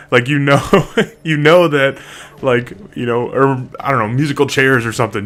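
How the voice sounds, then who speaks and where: A man's voice: mid-range voice, fairly bright tone. A man casually telling a rambling story to camera, full of fillers, restarts and swearing. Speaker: single father vlogger.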